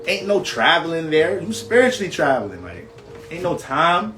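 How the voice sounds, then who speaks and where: Profane, animated man, echoey room. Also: normal speed. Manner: profane, streetwise, animated, jumps up and down in pitch. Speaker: astrology livestream host. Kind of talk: casual livestream talk. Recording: echoey room with faint music.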